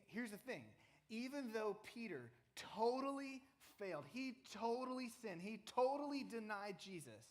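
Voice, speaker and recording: A man preaching a casual sermon, retelling a Bible story conversationally and asking his listeners questions. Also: sits high. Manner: conversational, restarts, asks the audience questions.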